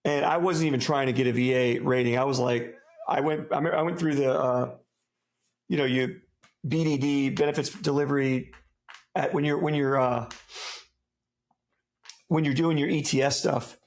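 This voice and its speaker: A man's voice: medium pitch, steady tone, normal speed, long pauses. A man from the United States, a former soldier, talking as a guest in a casual interview, laid-back and profane, full of buddy slang and rambling restarts. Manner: rambling, many restarts and asides.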